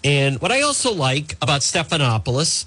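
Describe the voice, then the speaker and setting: A man's voice: a little high, big pitch swings, normal speed, bright, forceful tone. A man hosting a talk show, giving casual political commentary in a rambling way, with many fillers and restarts. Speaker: radio talk show host.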